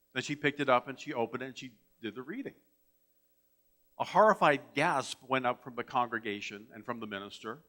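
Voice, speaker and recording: A man's voice: medium pitch, pushed and bright. A man giving a folksy storytelling sermon as minister, with a dry sense of humour. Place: church sanctuary.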